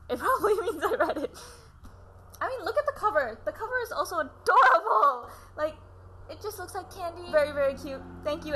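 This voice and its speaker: A book vlogger talks casually to the camera about books in a high, sharp voice. She gushes with enthusiasm and laughs a lot.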